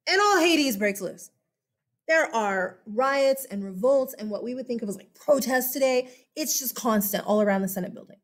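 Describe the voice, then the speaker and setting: Speaking at a moderate pace in a fairly high voice, a woman with a slight lisp lectures her class on history. She's chatty and animated and keeps checking in with students by asking "okay?"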